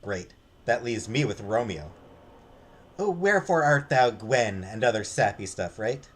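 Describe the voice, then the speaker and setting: A man's voice: lowish voice, animated, a little slow, slightly rough. A man voicing a sarcastic, bossy young female explorer in a game, delivering cutting remarks.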